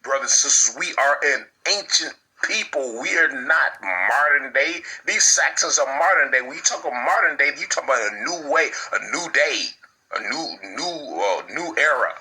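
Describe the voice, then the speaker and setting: A man's voice: on the high side, lively intonation, normal speed, sharp tone, breathy edge, low-quality recording. A man giving impassioned spiritual preaching, repeating his phrases like incantations and dropping in crude slang.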